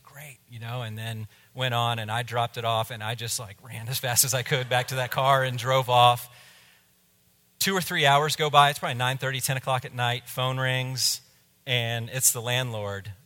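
Bright-voiced pastor in an echoing hall. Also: male voice, mid-range voice. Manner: animated storyteller, drops to a hush in tense moments. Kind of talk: sermon storytelling.

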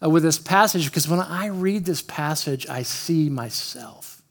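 A man preaches in a light, high voice. He opens with a casual, joking personal story and keeps talking straight to the people in front of him. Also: expressive, measured pace, vocal fry. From Oklahoma, USA. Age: 50s. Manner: chatty, joking, talks straight to the room. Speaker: pastor. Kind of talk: storytelling sermon.

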